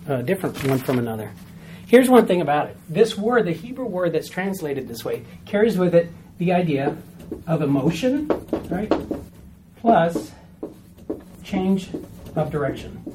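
This Bible study teacher has a mid-range, darkish voice, captured with a little background noise. Guiding a small group through a passage one step at a time, he restates the main points and frequently asks "all right?"

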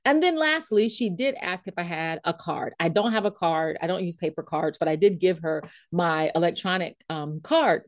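Animated woman leadership coach telling a story. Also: on the low side, moderate pace, hardly any pauses, no room sound, studio quality. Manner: animated, quotes people, laughs often. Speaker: leadership coach, consultant and trainer.

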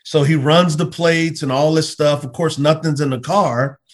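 A middle-aged man, a pastor, telling personal stories in an earnest, animated way with frequent stammered restarts. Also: on the high side, normal speed. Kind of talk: conversational storytelling.

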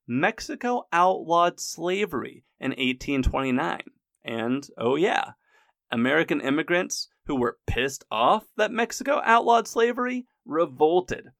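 A man's voice: a little high, lively intonation, unhurried, gravelly, a bit bright, no room sound, studio quality. A man narrating history casually in a wry, irreverent way, with occasional swearing.

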